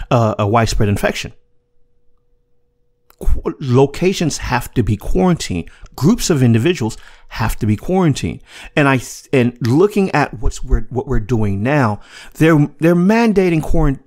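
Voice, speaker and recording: A man hosting his own show, talking in an emphatic, swearing monologue. His pitch swings widely as he presses his points, often repeating himself. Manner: emphatic, repetitive, profane. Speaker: podcast host. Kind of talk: casual commentary monologue.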